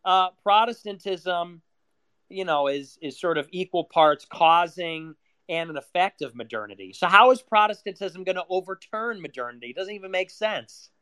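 A man's voice: high voice, lively intonation, a bit bright, clear, resonant tone, dry recording. A young man from Chicago, a political commentator in a sarcastic, profane solo rant. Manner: sarcastic, profane, rapid-fire.

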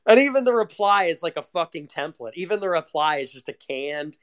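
A man's voice: a little high, animated, fairly quick. A young man ranting casually, sardonic and profane, laughing often. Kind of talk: casual rant.

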